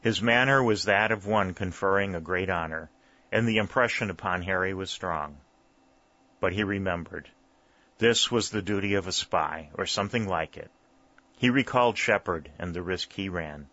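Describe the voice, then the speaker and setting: Man narrating an audiobook, steady measured reading, deep voice, bright edge, dry dull lo-fi sound. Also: dry recording. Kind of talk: scripted narration.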